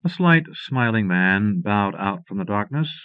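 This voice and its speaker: A man reading a pulp short story aloud as an audiobook narrator, in a measured storytelling read. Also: fairly low pitch, lively intonation, smooth, dry recording. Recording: dull lo-fi cassette audiobook.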